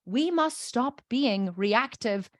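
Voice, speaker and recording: A woman host tells a personal story with emphatic force and acts out the people in it. Her voice sits fairly high, and the sound is dry and close with no room echo. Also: lively intonation, slow. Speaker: podcast host and coach; mother. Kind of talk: storytelling monologue.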